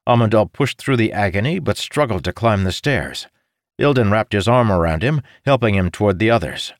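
A man narrating a fantasy audiobook in a steady, measured reading. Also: on the low side, no echo, clean studio sound.

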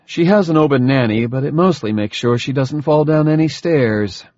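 A man doing a calm, sardonic scientist father. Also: mid-range voice, normal speed, dry recording, muffled recording, pitched above the performer's own voice, close to an everyday voice. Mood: gentle, explaining. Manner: dry, smooth, faintly mocking.

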